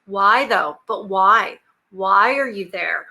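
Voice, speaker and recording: Woman reaction host, slow sarcastic commentary, bright voice. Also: medium pitch, animated. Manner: blunt, sarcastic, talks back at clips. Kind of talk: casual commentary reacting to clips.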